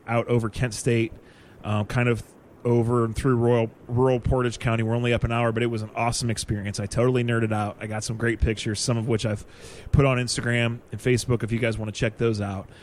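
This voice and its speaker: A man co-hosting a podcast, telling a story in a casual, animated way and laughing easily. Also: medium pitch, brisk, slight background noise. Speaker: podcast co-host.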